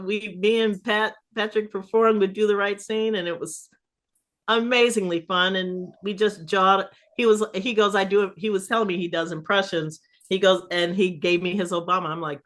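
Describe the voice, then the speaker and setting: Speaking at a normal speed with a medium-pitched voice, a middle-aged woman who curates an improv festival swaps stories on a casual podcast. She's animated throughout, laughing and cursing freely.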